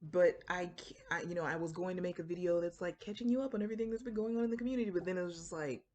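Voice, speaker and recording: A woman's voice: fairly low pitch, rapid-fire, a little mellow. A woman with a Floridian accent talking casually to camera in a chatty, rambling way, full of fillers and asides. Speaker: writing vlogger.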